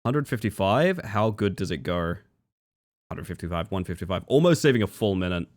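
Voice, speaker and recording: The recording is clean studio sound with no room tone, carrying an Australian man's low voice at a slightly fast clip. He's streaming a game, chatting casually with viewers, muttering away, and breaking into sudden outbursts.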